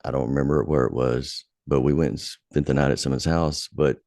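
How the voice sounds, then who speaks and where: Very deep gravelly man, casual storytelling. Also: brisk, dry recording, studio quality. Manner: profane, animated when retelling anger. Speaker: podcast host.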